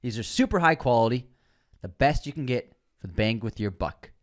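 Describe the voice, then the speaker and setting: A man co-hosting a film podcast, reading a sponsor segment. His pitch swings widely as he leans on the selling points with upbeat emphasis. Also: expressive, fairly quick. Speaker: podcast co-host. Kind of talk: casual chat and sponsor read.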